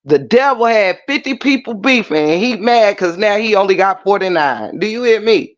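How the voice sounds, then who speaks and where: A man hosting a livestream, talking casually and in an animated, preachy way straight to his viewers. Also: high voice, moderate pace. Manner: animated preachy talk, addresses viewers directly. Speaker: livestream host. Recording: muffled lo-fi stream audio.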